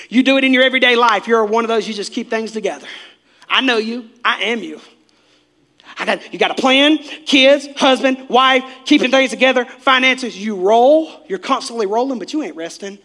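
Bright-voiced preacher swinging loud to hushed. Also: male voice, very high voice, normal speed. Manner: swings from shouting to hushed near-whispers; preachy, direct address to congregation. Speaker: pastor. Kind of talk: sermon.

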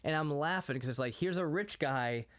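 A man's voice: on the high side, normal speed, a bit bright. A man in his thirties co-hosting a casual movie chat, rambling, laughing often and acting out quotes. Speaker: podcast co-host.

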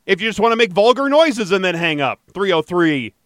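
Very animated and brisk, a man with a high-sitting, fairly bright voice hosts a casual podcast. He's upbeat, chatty, and quick to laugh as he reads out a call-in number and promotes next week's show. The sound is studio quality with no echo.

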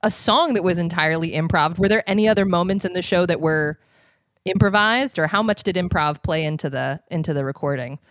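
Low-voiced woman host, dry sound. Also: a little fast, fairly bright tone, dry recording. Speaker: podcast host. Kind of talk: casual interview.

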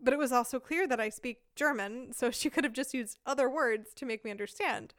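Guesting on a podcast, a woman in her thirties from the United States spins a casual story, laughing frequently in a lively way. She speaks a little fast in a voice on the high side, and the recording is dry with clean studio sound.

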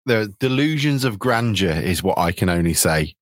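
A man's voice: low-pitched, animated, normal speed, no room sound. A man from England hosting a casual football podcast over a video call, chatty, with many ums, restarts and laughs. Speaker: podcast host.

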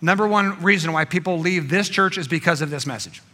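A male pastor giving a sermon, swinging between emphatic passages and hushed, intimate ones. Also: fairly high pitch, fairly quick.

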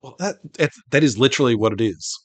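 A man's voice: medium pitch, lively intonation, fast talker, slightly rough, no room sound. A man co-hosting a podcast in casual chat, talkative, swearing freely and laughing often. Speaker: podcast co-host.

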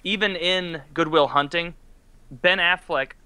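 Brief: outspoken man, bright ringing voice, dry close sound, swears casually on a video call. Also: fairly high pitch, a little slow, clear, resonant tone, no echo. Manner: blunt, opinionated, swears freely. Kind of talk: casual chat.

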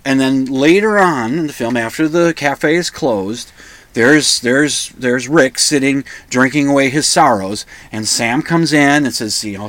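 A man's voice: medium pitch, normal speed, a bit bright, no echo. A man hosting a solo podcast, rambling and pedantic, often restarting and correcting himself. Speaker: podcast host.

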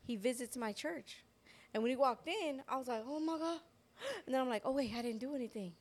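A woman co-hosting a Christian podcast, telling a personal testimony in a lively way and acting out the voices of the people in her story. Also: fairly high pitch, fast. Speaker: podcast co-host. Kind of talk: personal faith testimony in casual chat.

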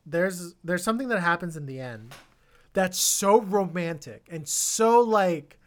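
A man's voice: high voice, a little slow. Rambling man reviewing a film. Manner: rambling, many restarts, animated bursts. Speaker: podcast co-host. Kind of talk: casual film review chat.

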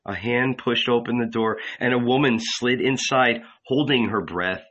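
Slow steady guy reading a novel aloud, measured, sorta muffled lo-fi audio. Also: medium pitch. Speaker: audiobook narrator. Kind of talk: scripted literary narration.

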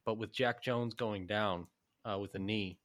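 A man co-hosting a sports podcast, giving quick opinions in casual chat with frequent restarts. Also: fairly low pitch, fairly even intonation, a bit bright. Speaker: podcast co-host.

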